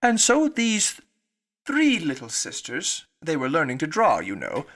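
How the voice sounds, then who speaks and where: A man voicing a sleepy, indignant little male dormouse with a hoarse, feeble voice. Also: a little high, huge pitch swings, a bit bright, heavily acted. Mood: drowsy. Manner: drowsy, hurried then slow, sulky.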